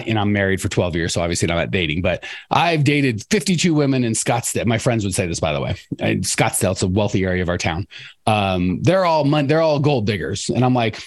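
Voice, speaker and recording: A middle-aged man, a podcast coach, talking casually and acting out quotes by jumping up in pitch. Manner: animated storyteller, acts out quotes in a raised voice. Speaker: coach and podcast host for cleaning business owners.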